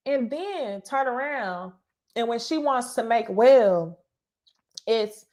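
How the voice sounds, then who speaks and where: A woman hosting a casual reality TV recap, talking to viewers in an animated, profane way with laughing asides. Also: fairly high pitch, takes it slowly.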